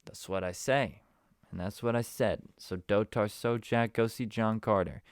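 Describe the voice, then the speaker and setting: A man hosting a casual solo podcast, rambling along and breaking into sudden loud, emphatic bursts. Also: fairly low pitch, fairly even intonation, unhurried, smooth, no room sound, studio quality. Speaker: podcast host.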